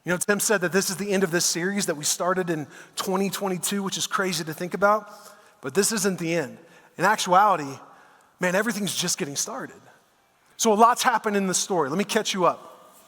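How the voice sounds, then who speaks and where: High-voiced male pastor in echoing hall. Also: brisk, a bit bright. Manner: conversational storytelling, casual asides like "man" and "dude". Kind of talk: sermon. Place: church auditorium.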